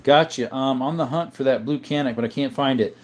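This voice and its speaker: A man hosting a live stream in a casual chat style, reading out viewer comments and answering them in a relaxed, easygoing way. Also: mid-range voice, a little fast. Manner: relaxed, with frequent uh and um.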